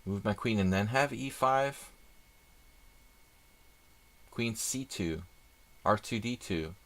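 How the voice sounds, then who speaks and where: A man's voice: lowish voice, animated, slow pace, a bit bright. A man doing live chess stream commentary, chatty and thinking aloud with rambling asides.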